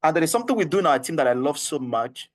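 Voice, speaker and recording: A man with a Nigerian English accent runs an online HR training, his voice sitting a little on the high side. He coaxes and repeats himself earnestly. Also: very animated, very fast. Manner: earnest, repetitive and coaxing, with frequent laughs.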